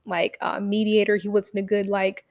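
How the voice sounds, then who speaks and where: A young woman casually telling a story, swearing freely and acting out what people said in lively bursts. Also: mid-range voice, moderate pace. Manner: animated, profane, acts out quotes.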